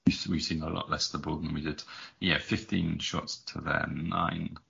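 A man's voice: extremely low pitch, level tone, moderate pace, gravelly, a bit bright, breathy edge, muffled recording. A man co-hosting a casual podcast chat who stumbles and repeats words as he talks. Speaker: podcast co-host.

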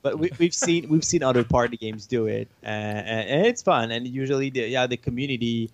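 A man whose first language is French, a game developer explaining his work in a casual interview, halting and chuckling as he talks. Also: mid-range voice, slight background noise.

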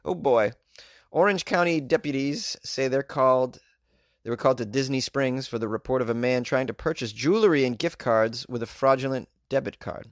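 Sarcastic guy joking through news stories, mid pitch, dry close sound. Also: normal speed, dry recording. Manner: sarcastic, mocking, chuckling asides. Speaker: comedic commentator. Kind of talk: casual comedic monologue.

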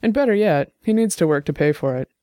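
A man reading the lines of a weary, wry investigator with a rasp in his voice. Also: a little high, lively intonation, quick pace, warm tone, no echo, studio quality, natural voice. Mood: dry. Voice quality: raspy.

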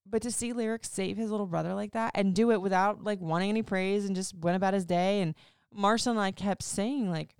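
Low gravelly woman rambling fondly on a podcast, smooth dry close sound. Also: steady tone, fairly quick, a little mellow, no echo. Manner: emotional, chatty, many "like"s and "you know"s. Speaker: podcast host. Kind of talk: casual personal storytelling.

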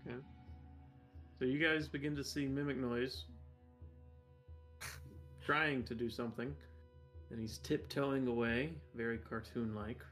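A man running a tabletop game as game master, narrating the scene in a relaxed, conversational way. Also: mid-range voice, a little slow, pauses often, soft background music.

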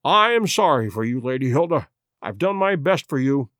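Firm, measured Victorian detective with a lively delivery, voiced by a male narrator. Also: mid-range voice, no echo, studio quality. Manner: firm, measured, brisk when urgent. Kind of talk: audiobook reading.

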